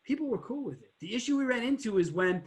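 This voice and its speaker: A man's voice: very high voice, lively intonation, fast. A man hosting a podcast, telling stories animatedly in casual interview chat and swearing freely. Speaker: podcast host.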